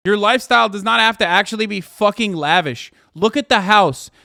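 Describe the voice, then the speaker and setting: A man's voice: high-pitched, a little fast, gravelly, pushed and bright, no echo, studio quality. Heated, profane man ranting on a stream. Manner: heated, profane ranting, reading items aloud. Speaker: streamer host reacting to news. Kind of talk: live-stream reaction commentary.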